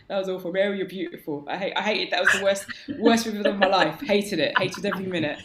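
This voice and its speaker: A woman's voice: mid-range voice, fast, few pauses, fairly bright tone, slight background noise. A woman improviser chatting casually, laughing and mocking herself, over a video call. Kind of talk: casual chat.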